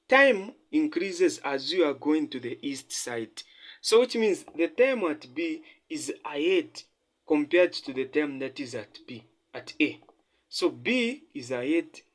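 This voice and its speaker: A man teaching a math lesson with a slightly raised voice. He drills points by repeating them and keeps turning statements into questions for his listeners. His delivery is emphatic and patient. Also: fairly high pitch. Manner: repetitive, quizzing listeners with "the what?" and "have you seen?". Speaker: tutor.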